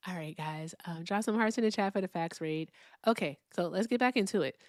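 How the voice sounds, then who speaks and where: A woman's voice: fairly low pitch, fairly quick, no echo, studio quality. A woman hosting a live call-in debate stream, chatting casually, thanking viewers by name and explaining things patiently.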